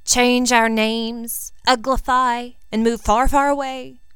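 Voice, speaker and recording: A flustered but spirited teenage witch girl from a storybook, as a woman reading aloud puts her on. She sounds breathy and lifted, with a smooth, clear voice in a dry room. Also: fairly high pitch, sing-song, normal speed, no echo, pitched above the performer's own voice. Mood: gloomy.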